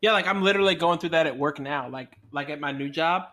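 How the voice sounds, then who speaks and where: A man's voice: fairly high pitch, fast talker, pushed and bright. A man co-hosting a podcast in casual chat, laid-back, swearing and laughing easily. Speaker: podcast co-host.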